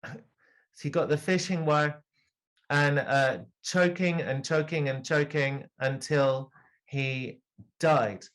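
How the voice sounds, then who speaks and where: Man laying out an accusation, slightly high. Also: steady tone, slow pace, a bit bright. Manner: rambling accusation with many fillers. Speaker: improv performer playing a detective. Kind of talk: improvised theatre narration.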